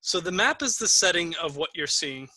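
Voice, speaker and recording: A man's voice: sits high, very animated, moderate pace, pushed and bright, no echo. A man acting as game master, patiently explaining the game and encouraging new players, with frequent ums.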